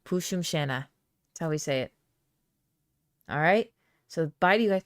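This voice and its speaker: A woman hosting a live-stream podcast, chatting loosely with viewers and reading their comments aloud. Her voice is smooth and clear, and it sounds close and dry with almost no room echo. She talks in a playful, rambling way with lots of fillers. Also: low voice, animated, moderate pace. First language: Aramaic. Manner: chatty, reads chat comments aloud, laughs often. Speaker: podcast host. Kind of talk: casual live-stream chat.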